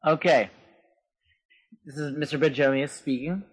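A man's voice: fairly even intonation, measured pace, breathy edge. A man co-hosting a casual podcast, playful and joking. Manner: playful, breaks into falsetto singing. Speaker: podcast co-host.

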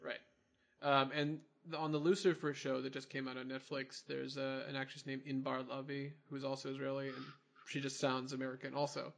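A relaxed man in casual podcast chat about movies, speaking at an ordinary mid-range pitch. He is easygoing and laughs readily between points. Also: brisk, creaky. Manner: relaxed, chatty, laughs easily. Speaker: podcast co-host.

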